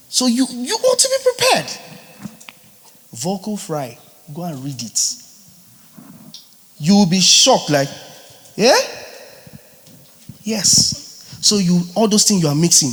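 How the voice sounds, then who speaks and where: Animated vocal coach in a hall. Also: male voice, fairly high pitch. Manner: animated, teasing, mixes in pidgin. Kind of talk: live workshop teaching. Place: large hall at a live boot camp. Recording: long hall reverb.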